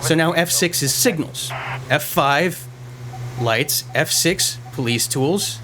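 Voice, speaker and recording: A man talks his way through a clumsy driving game from his messy room, self-mocking and prone to tripping over his words. His voice sits a little high for a man. Loud car and engine noise from the game runs under his voice. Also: takes it slowly. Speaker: let's-play gamer. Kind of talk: casual gameplay commentary. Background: loud car and game sounds.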